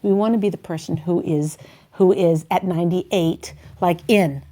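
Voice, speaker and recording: A woman hosting a talk show, giving relationship advice in a chatty, animated way and loudly acting out the people she quotes. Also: lowish voice, moderate pace.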